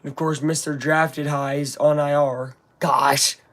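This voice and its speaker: Man, slightly high voice, live fan play-by-play, casual and rambling, openly frustrated. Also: little pitch movement, a little slow, a bit bright. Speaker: fan watch-along commentator.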